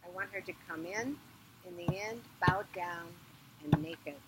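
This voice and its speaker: A woman voicing a cold, scheming queen of the underworld who gives orders slowly and with menace, with outdoor noise behind. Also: mid-range voice, expressive, vocal fry. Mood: menacing.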